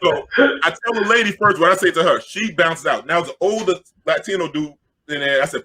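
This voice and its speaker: Husky, bright-voiced New storyteller. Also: male voice, a little high, fast. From Queens, New York. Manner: excitable, jokey, loudly acts out the crowd. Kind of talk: animated storytelling.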